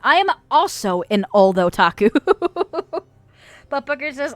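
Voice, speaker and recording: A woman's voice: sits high, big pitch swings, measured pace, no room sound. A woman from the US West Coast hosting a casual livestream, reading viewer comments aloud with frequent giggles. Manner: giggly, laughs often between lines. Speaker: livestream host.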